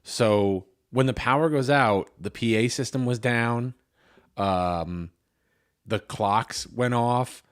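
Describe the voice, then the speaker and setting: A man's voice: mid-range voice, takes it slowly, smooth. A middle-aged man co-hosting a casual podcast. He talks easily, jokes and swears casually. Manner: easygoing, joking, swears casually. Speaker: podcast co-host. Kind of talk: casual chat.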